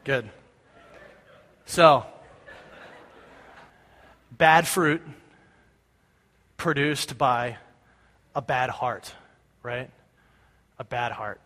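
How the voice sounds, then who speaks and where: Drawing out his words and pausing often, this man has a mid-range voice that sounds pushed and bright. He's a pastor giving a casual, conversational sermon, regularly asking his audience "right?" as the sound echoes through a long hall.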